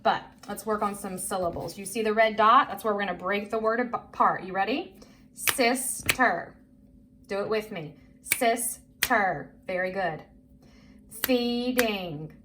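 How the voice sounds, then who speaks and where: A woman's voice: mid-range voice, fairly quick, few pauses. A woman teaching a phonics lesson to young children, patient and encouraging, drawing out each word for them to repeat. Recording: faint background noise.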